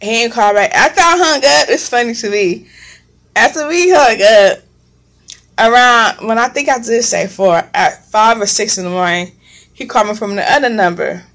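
A woman's voice: on the high side, animated, normal speed, fairly bright tone. A young woman vlogger telling a long story in a casual, blunt and profane way, rambling as she goes. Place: home kitchen.

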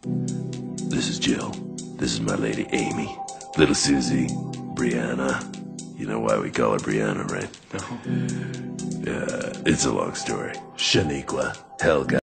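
Dude doing a super low growly voice, slow and proud, music behind. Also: male voice, creaky, exaggerated voice.

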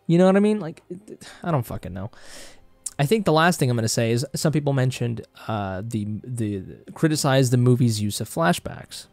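A man's voice: mid-range voice, expressive, a little fast, darkish tone, no echo. A young man from Mexico with a Mexican Spanish accent, a native Spanish speaker, delivering a passionate, heated movie review monologue and swearing freely as he gets worked up. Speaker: film vlogger.

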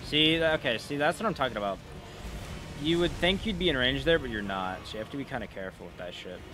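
A man's voice: medium pitch, fast, background noise. A man giving casual gameplay commentary, swearing and trash-talking the bosses. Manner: profane, excitable, trash-talks bosses. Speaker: gaming video creator.

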